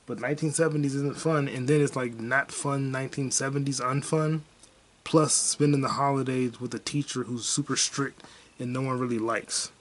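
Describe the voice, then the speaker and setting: A man's voice: medium pitch, steady tone, moderate pace. A young man hosting a podcast, chatting casually about a movie in a rambling, laid-back way with some swearing. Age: young adult. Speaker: podcast host. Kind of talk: casual movie review chat.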